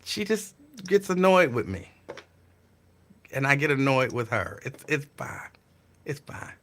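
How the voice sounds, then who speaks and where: A man hosts a casual live show from his home. His voice is bright and forceful, and he keeps reacting to viewers' comments with animated disbelief. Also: mid-range voice, measured pace, slight background noise. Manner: animated, incredulous, talks back to viewers' comments. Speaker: talk show host. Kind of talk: casual live-stream chat.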